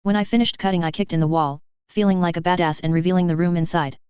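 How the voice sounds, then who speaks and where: Narrator for a first-person story, crisp voice, dry and a bit dull in sound. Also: medium pitch, fairly even intonation, fast talker, darkish tone, no room sound.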